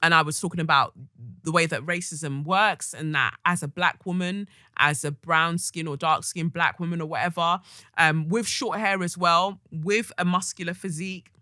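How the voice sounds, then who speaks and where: A woman's voice: on the low side, fairly even intonation, normal speed, sharp tone, dry recording, clean studio sound. A woman hosting a podcast, talking candidly and reflectively about her feelings and acting out the voices she quotes. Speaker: podcast host. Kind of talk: candid solo podcast monologue.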